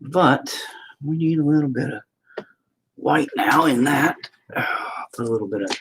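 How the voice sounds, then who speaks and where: A man's voice: medium pitch, moderate pace, noisy background. A man chatting casually and crudely while he paints, rambling and joking with lots of swearing. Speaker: painter streaming his work.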